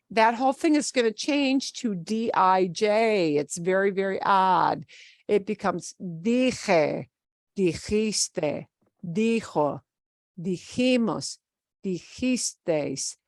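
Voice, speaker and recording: A woman's voice: mid-range voice, no echo, studio quality. A woman teaching a Spanish grammar class, explaining patiently in a casual, repetitive way and spelling words out letter by letter. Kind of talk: online class lecture.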